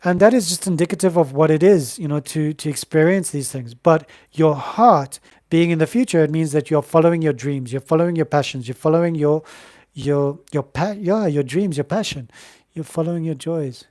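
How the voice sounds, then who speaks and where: A man gives live tarot readings in a gentle, uplifting, spiritual tone, often pausing and restarting his sentences. His voice sits a bit high for a man. The sound is dry and close, with no room echo. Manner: gentle, encouraging, spiritual, with many fillers and restarts. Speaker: tarot reader hosting a live stream.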